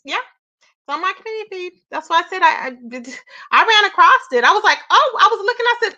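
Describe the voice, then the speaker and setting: A woman's voice: very high voice, lively intonation, fast talker, sharp tone, muffled recording. A woman talking casually to her viewers in a gossip vlog, repeating herself and calling them "child" and "y'all". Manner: chatty, repetitive, addresses viewers as "child" and "y'all". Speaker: YouTube commentator.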